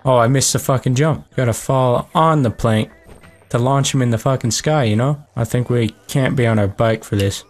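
A young man hosting a casual let's-play, talking in a brash, profane, excitable way. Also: medium pitch, moderate pace, soft background music. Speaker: gaming channel host.

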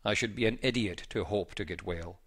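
Man reading a gravely ill young Irishman, proud and earnest, low voice, formal storybook phrasing. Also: fairly quick, a bit bright.

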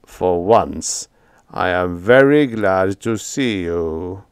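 A man doing a smooth, sinister pale lodger. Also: low voice, animated, no echo, clean studio sound, heavily acted. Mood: menacing. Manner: slow, measured, quietly menacing.

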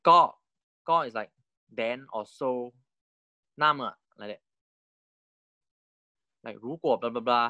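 A man teaching a language online, explaining slowly and mixing in words from other languages. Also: mid-range voice, bright, forceful tone, clean tone, dry recording, lo-fi sound. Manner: slow explaining, mixing in Thai and Chinese words.

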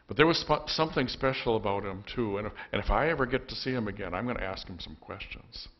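A man's voice: lowish voice, dull audio. A man voicing Andrew, an earnest young fisherman eager to follow a new teacher. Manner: earnest, halting, excited.

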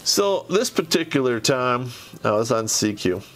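A man at an ordinary pitch tells old army stories as a show host. He talks bluntly and swears constantly, rambling and circling back with plenty of fillers. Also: sing-song, measured pace. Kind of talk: casual storytelling monologue.

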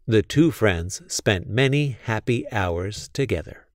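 Reading a children's picture book in an expressive storytelling way, this man speaks slowly in a voice on the low side. The recording is dry and studio quality.

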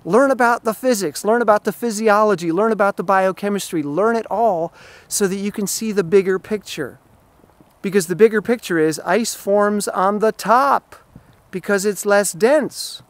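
A man's voice: sits high, moderate pace, no room sound. Emphatic man vlogging outdoors by a pond. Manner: emphatic, explanatory. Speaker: running vlogger. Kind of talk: outdoor vlog monologue.

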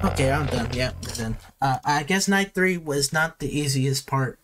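A man reacting excitedly and in slang while playing a horror game for his channel. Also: on the high side, moderate pace, over loud music. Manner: excitable, slangy, jumpy exclamations. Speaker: gaming YouTuber. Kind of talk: reactive gameplay commentary.

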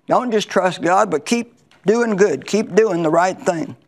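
A woman's voice: medium pitch, measured pace, darkish tone. Woman Bible teacher, sermon, conversational, emphatic, repeats key lines.

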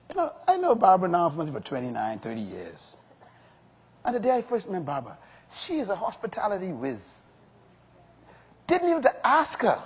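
A man's voice: fairly high pitch, husky. A male pastor delivering an emphatic sermon to a congregation, rising to strong exclamations. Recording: long hall reverb.

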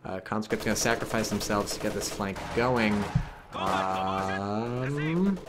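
A man's voice: on the low side, slow pace, background noise. A man casually commentating a strategy game replay, analytical and wry with frequent swearing. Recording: game music and gunfire behind.

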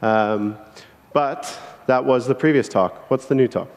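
Male conference host, playful and teasing, mid-pitched, echoing hall. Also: a little slow. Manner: playful, teasing, hesitant with fillers. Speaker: event host introducing speakers. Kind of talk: casual joking stage introduction.

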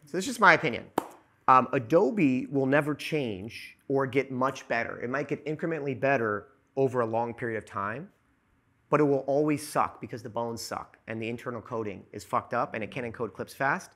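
Bright-voiced man ranting profanely. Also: mid-range voice, lively intonation, fairly quick. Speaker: podcast guest, videographer. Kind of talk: casual podcast chat.

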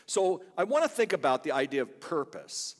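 A man's voice: fairly high pitch, very animated, moderate pace, in a large hall. An older man, a guest pastor, preaching a sermon full of chatty, humorous family stories in a church. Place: church sanctuary.

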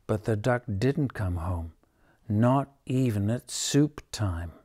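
A man reading a children's picture book aloud, gentle and dramatic. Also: lowish voice, lively intonation, slow, slightly rough. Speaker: storyteller.

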